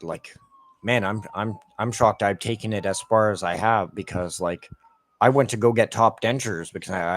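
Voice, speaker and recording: Guy, low voice, dead-dry sound, profane ranting gameplay commentary. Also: no room sound. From Canada. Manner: profane, heated ranting with lots of "like". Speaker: gameplay streamer.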